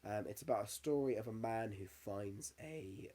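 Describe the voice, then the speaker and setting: A man's voice: fairly low pitch, moderate pace, warm tone. A man in his thirties, co-hosting a podcast in casual chat, candid and sweary, getting emotional as he tells stories. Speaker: podcast co-host.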